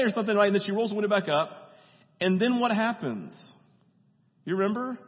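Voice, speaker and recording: High-voiced pastor preaching in a reverberant hall. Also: male voice. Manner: conversational, asks the congregation "right?" often; acts out movie dialogue in quick voices. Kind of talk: sermon. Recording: dull sound with long hall reverb.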